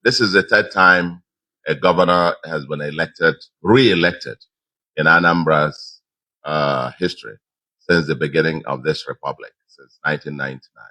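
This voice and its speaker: A man's voice: very deep voice, normal speed, sharp tone. A man with a Nigerian accent, a governor giving an emphatic acceptance speech to a crowd and repeating phrases for stress.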